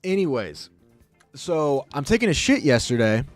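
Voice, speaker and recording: A man telling a casual story on his live stream, animated, profane and rambling. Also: mid-range voice, moderate pace, no echo, soft background music.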